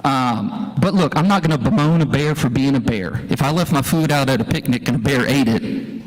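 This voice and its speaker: A man's voice: mid-range voice, normal speed. A man, a school teacher, giving a folksy, impassioned town hall speech full of rhetorical questions. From Louisiana. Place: church hall, live audience. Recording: echoey hall, live stream.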